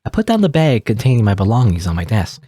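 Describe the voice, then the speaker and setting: Let's-play host narrating a story game, low voice with lively, dramatic pitch. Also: male voice, fast talker, husky. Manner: dramatic reading, joking asides, laughs at own slips. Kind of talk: reading a story game aloud with asides.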